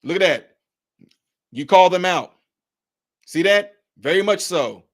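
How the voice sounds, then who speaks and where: Emphatic high-voiced male streamer. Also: lively intonation, slow pace. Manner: emphatic, repetitive, addresses chat directly. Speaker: livestream host. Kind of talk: political commentary livestream.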